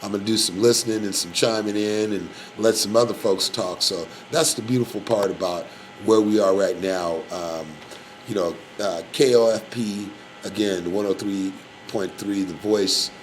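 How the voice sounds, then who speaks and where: A man's voice: on the low side, moderate pace, a little hiss or hum, rough recording. A man hosting a live community radio show in a loose, casual way, rambling with lots of fillers. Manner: rambling, filler-heavy, shout-outs.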